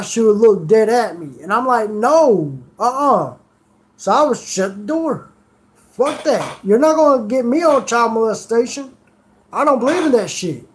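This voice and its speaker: A man streamer telling rambling stories in casual chat, swearing freely. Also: very high voice.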